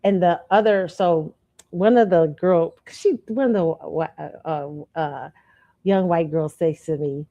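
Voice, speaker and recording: A woman hosting her show, telling a personal story in a casual, animated way and calling her listeners y'all. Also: fairly low pitch, a little slow, dull audio. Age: adult student. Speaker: show host.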